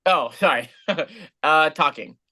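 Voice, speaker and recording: A man being interviewed as a guest over a video call, answering in a relaxed way with many hesitations and easy laughs. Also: fairly high pitch, takes it slowly. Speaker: guest musician.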